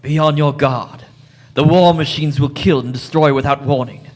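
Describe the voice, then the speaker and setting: A stern Egyptian warlord , acted by a man, commands his soldiers in short, clipped orders. His voice sits somewhat high, and it is a live fan radio play. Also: fairly even intonation, moderate pace, close to an everyday voice.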